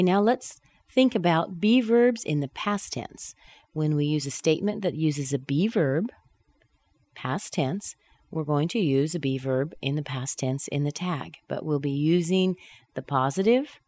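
A woman teaching English pronunciation, modelling short question tags slowly and with clear, exaggerated intonation in a close, dry recording. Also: deep voice, expressive, darkish tone. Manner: carefully enunciated model phrases with exaggerated intonation. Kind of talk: slow, deliberate pronunciation drill.

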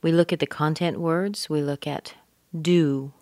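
A woman teaching English pronunciation, speaking deliberately and modeling words with exaggerated stress. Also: deep voice, steady tone, a little mellow, no echo. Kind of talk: pronunciation lesson.

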